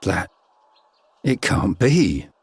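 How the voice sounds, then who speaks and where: An actor playing a tired, gruff older hunter and trapper in a video game. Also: male voice, low voice, very animated, extremely slow, exaggerated voice. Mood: weary. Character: weary older male hunter and trapper, foster father.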